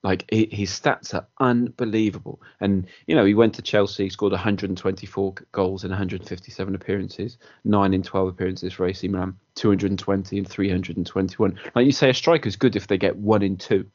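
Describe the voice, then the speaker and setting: A man's voice: sits low, fairly even intonation, fairly quick, few pauses, a little mellow, muffled recording. A man co-hosting a football podcast, steadily reeling off statistics. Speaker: podcast co-host. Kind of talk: casual football chat.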